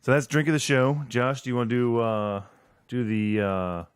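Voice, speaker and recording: A clear, resonant mid-range male voice at normal speed, recorded dry in a clean studio. He co-hosts a casual podcast chat, rambling with lots of fillers and restarts.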